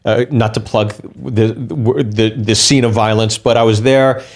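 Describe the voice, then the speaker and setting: Animated male comedian telling a story. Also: on the low side. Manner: animated storyteller with quick restarts, acting out quotes. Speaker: guest comedian. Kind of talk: storytelling in podcast chat.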